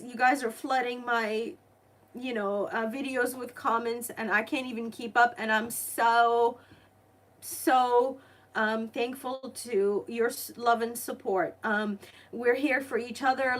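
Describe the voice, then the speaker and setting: A woman's voice: on the high side, a bit bright. A woman tarot reader live-streaming a reading, chatty and openly emotional as she talks to her viewers.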